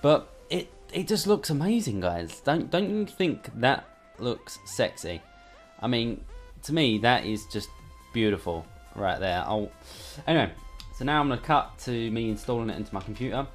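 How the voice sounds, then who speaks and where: Casual guy, cheeky and sweary, unboxing at home, average-pitched voice, faint music behind. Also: animated, normal speed. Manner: chatty, irreverent, swears casually. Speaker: hardware reviewer. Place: bedroom at home under a studio light.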